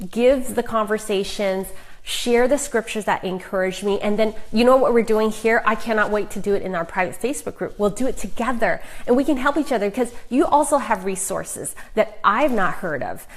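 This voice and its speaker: A middle-aged woman author giving a chatty, emphatic live talk of faith encouragement to viewers, with fillers and quick asides. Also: mid-range voice, rough recording. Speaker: author and Christian speaker.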